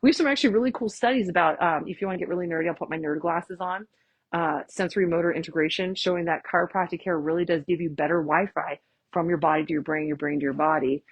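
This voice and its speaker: A woman chiropractor, giving a lively, chatty workshop talk and often asking "right?". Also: on the low side, fast talker, breathy edge, no room sound, muffled recording. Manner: chatty, tags lines with "right?", acts out quotes. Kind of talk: casual, enthusiastic presentation.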